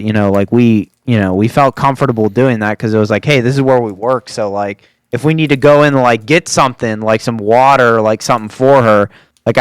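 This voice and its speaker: A man's voice: mid-range voice, smooth, no echo. Rambling young man telling a story. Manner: rambling, full of fillers and laughing asides. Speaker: podcast host. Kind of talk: casual storytelling.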